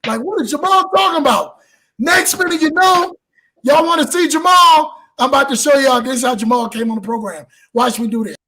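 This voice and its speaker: A man hosting a live show, talking in an animated, preacher-like way and blessing his audience. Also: extremely high pitch, a little fast, low-quality recording. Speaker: show host. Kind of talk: exuberant live show wrap-up.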